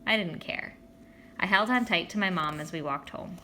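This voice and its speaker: A woman's voice: fairly low pitch, normal speed, vocal fry, pushed and bright, a little hiss or hum. A woman reading a children's novel aloud, expressively voicing its characters. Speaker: audiobook reader.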